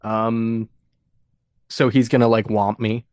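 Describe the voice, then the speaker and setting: A man playing a tabletop game, talking hesitantly with many pauses and restarts. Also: on the low side, flat delivery, darkish tone, dry recording, clean studio sound. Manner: hesitant, full of ums and restarts. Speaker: player.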